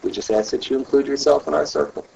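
A man quoting his devout, loving elderly grandmother in a gentle, soft-spoken way. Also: medium pitch, quick pace, creaky, a little hiss or hum. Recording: distant, dull mic.

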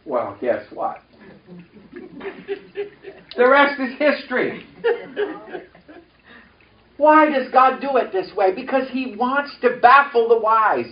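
A man's voice: extremely high pitch, sing-song, slow, pauses often. A man preaching a sermon, telling a personal story and leading the congregation in call-and-response. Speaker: pastor. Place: church sanctuary. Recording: echoey, distant, dull church recording.

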